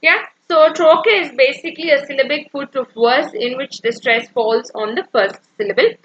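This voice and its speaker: A woman's voice: high-pitched, moderate pace, fairly bright tone, dull audio. A woman teacher explaining poetic meter in an exam-prep lecture, checking in with "yeah" and counting out the feet aloud. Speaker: English literature teacher.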